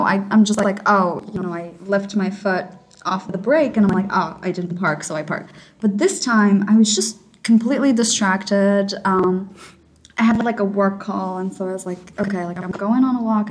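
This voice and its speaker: A woman's voice: medium pitch, moderate pace. A woman hosting a podcast in casual chat, telling a story with lots of laughter and animation.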